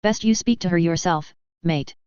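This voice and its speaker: A woman's voice: on the low side, normal speed, darkish tone, no room sound, close to an everyday voice. A woman reading the lines of a big, crude, boisterous male soldier who talks bluntly and swears. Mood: gruff. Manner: blunt, swearing, rough-spoken. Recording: slightly dull, dry lo-fi recording.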